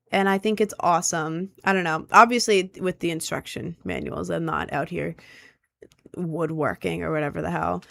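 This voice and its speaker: A woman's voice: medium pitch, a bit bright, no echo. A young woman streamer chatting casually with her viewers, rambling and easily sidetracked in an upbeat way.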